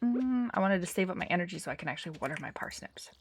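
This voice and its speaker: A woman's voice: lowish voice, animated, fast talker, slight background noise. A woman giving casual, chatty commentary while live-streaming a game, thinking aloud as she plays.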